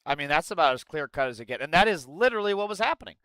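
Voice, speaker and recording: A male streamer with a bright, clean, crisp voice reacts on a live stream and answers his chat. He is animated and sweary. His close desk mic sounds dry, with no room in it. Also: fairly high pitch, rapid-fire, dry recording, poor audio. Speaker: streamer reacting to an interview clip. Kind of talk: casual live-stream commentary.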